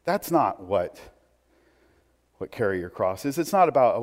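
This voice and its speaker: A man's voice: mid-range voice, big pitch swings, a little slow, long pauses, a little mellow. A man preaching a sermon in a conversational way, with asides and restarts. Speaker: pastor. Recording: long hall reverb.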